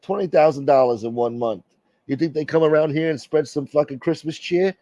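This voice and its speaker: A man's voice: a little high, fairly quick, dark tone, dry recording, highs cut off. A man hosting a casual livestream, joking brashly with viewers and swearing freely. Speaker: livestream host.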